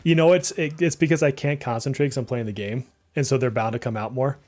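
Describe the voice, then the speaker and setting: A man's voice: mid-range voice, fairly even intonation, fast, a little mellow. A man from Massachusetts with a speech impediment and a mild Massachusetts accent that slips through on some words, giving rambling, casual live-stream commentary while he plays, full of "like" fillers. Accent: mild Massachusetts, slipping through on some words. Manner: chatty and rambling, many "like" fillers, reacts aloud to the game. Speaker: game streamer.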